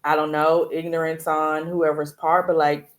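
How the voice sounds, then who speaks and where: A woman, hosting a casual conversation and telling stories in a relaxed way. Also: low voice, normal speed. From Louisiana, USA. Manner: relaxed storytelling, frequent "like" fillers. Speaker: host.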